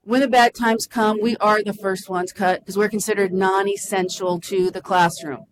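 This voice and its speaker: A woman's voice: mid-range voice, steady tone, moderate pace, rough recording. A woman in her forties, a school counselor, speaking passionately and emotionally at a public meeting. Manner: impassioned and emotional.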